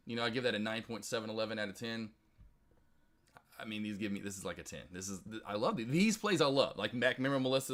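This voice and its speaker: Bright-voiced excitable male stream host. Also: medium pitch. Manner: excitable, chatty, quotes others in loud outbursts. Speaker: stock trading livestream host. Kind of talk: casual live-stream chat to viewers.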